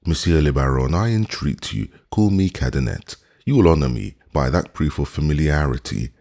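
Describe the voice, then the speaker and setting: A man's voice: extremely low pitch, moderate pace, a little mellow. A man doing a fawning, chatty wig maker. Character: fussy old-regime male wig maker, proud and gossipy.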